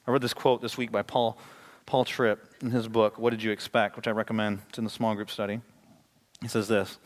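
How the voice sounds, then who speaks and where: A man's voice: medium pitch, fast. A man giving a sermon to his congregation, talking in a conversational way and rising to emphatic, questioning passages. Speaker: pastor.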